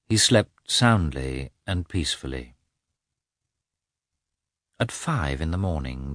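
A man narrating a classic novel aloud in a measured, expressive reading. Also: sits low, no room sound, studio quality. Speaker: audiobook narrator.

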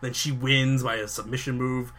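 Young male podcast host, crisp bright tone, mid pitch, enthusiastic run-on storyteller. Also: flat delivery, normal speed. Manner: enthusiastic, rambling storytelling with many fillers and restarts. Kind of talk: casual chat.

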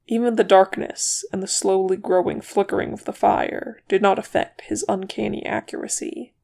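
Slow, gravelly storybook reader. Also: medium pitch, darkish tone. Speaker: audiobook reader. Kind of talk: reading fan fiction aloud.

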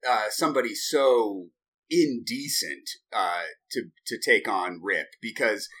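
A man's voice: on the low side, slow pace, pushed and bright. A man co-hosting a movie podcast in casual chat, joking, laughing and putting on mocking voices. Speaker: podcast co-host.

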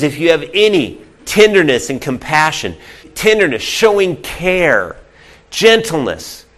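A male pastor preaching a sermon earnestly, asking the listeners direct questions and swinging from loud emphatic points to hushed, near-whispered lines. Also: on the high side.

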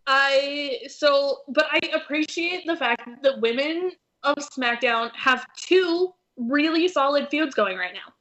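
A woman's voice: sits high, animated, slow, few pauses, a bit bright. A young woman co-hosting a casual chat, chatty and opinionated. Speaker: podcast co-host. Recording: dull lo-fi recording.

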